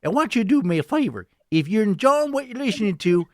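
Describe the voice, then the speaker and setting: Man doing a folksy Southern country announcer, high voice, swooping sing-song delivery, dry close sound, hokey and rambling. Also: big pitch swings, quick pace, darkish tone, dry recording. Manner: drawling, hokey, rambling, addresses "boys and girls". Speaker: show introducer.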